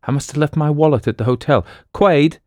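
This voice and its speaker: A man voicing a nervous, rough-spoken male sidekick who talks in a flustered way. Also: a little high, a little fast, a little mellow, dry recording, studio quality, pitched above the performer's own voice, lightly acted.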